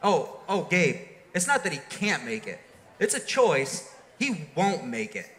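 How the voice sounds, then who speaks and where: Man as a teasing friend, high bright voice, long hall reverb. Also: very animated, unhurried. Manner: teasing, playful needling. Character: teasing wisecracking friend of the biker.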